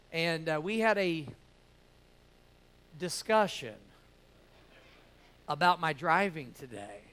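A man's voice: sits high, pushed and bright, smooth. A man preaching to a church class, keeping it jokey and calling out "amen?" and "right?" to the room. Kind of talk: sermon.

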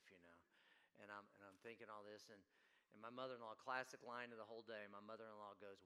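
Bright-voiced pastor preaching. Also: male voice, on the low side, fairly even intonation, fast talker, smooth. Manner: storytelling, swings from hushed to loud and emphatic. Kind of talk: sermon.

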